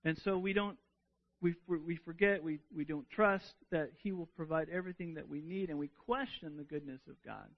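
A man's voice: on the high side, normal speed, dull audio. A man preaching a sermon in an earnest way, often repeating words as he restarts a sentence.

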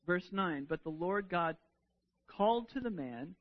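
High-voiced man preaching slowly. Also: lively intonation, dull audio. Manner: earnest, repeats words when restarting. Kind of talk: sermon.

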